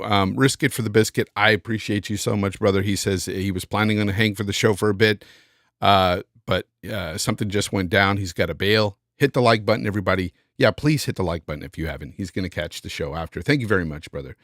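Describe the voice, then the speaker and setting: A man's voice: lowish voice, animated, fast talker, a bit bright, no room sound, studio quality. A man hosting a casual live-stream podcast, reading out super chats and thanking viewers by name. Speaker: podcast host.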